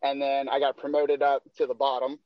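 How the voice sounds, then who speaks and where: A man's voice: mid-range voice, completely flat delivery, a little fast, no echo, highs cut off. A man chatting as a podcast guest, talking in a rambling, laid-back way with lots of fillers. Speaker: podcast guest, door-to-door salesman. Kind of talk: casual chat.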